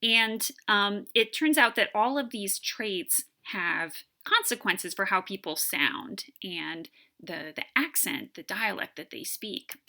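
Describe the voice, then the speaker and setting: A woman giving a recorded college lecture, explaining terms in an unhurried way with frequent ums. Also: medium pitch, expressive, pushed and bright.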